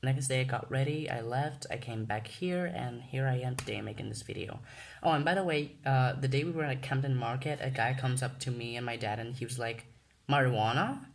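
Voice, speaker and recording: A young man tells a casual story-time vlog, gushing and excitable, swearing freely. His voice sits at a middling pitch. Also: vocal fry. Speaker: vlogger.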